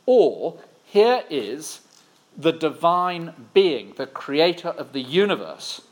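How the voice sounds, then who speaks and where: A man delivering a sermon, his voice sitting slightly high for a man. He mixes wry asides with slow, dramatic pauses. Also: sing-song. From Cornwall, England. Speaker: preacher.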